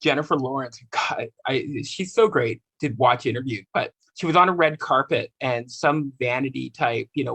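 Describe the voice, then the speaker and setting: A man's voice: mid-range voice, moderate pace, vocal fry, few pauses, bright, forceful tone. A man talking as a podcast guest in casual chat, telling stories bluntly and giving strong opinions.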